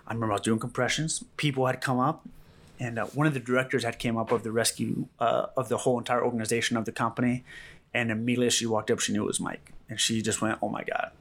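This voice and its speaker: A man who is a rescue medic gives a calm, first-hand interview account, halting and filled with fillers and repetition. His medium-pitched voice is creaky.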